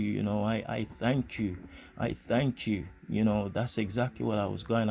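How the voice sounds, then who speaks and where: A man's voice: mid-range voice, darkish tone. A man telling a personal spiritual story in an earnest, rambling way, full of fillers and restarts. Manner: earnest, grateful. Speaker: vlogger.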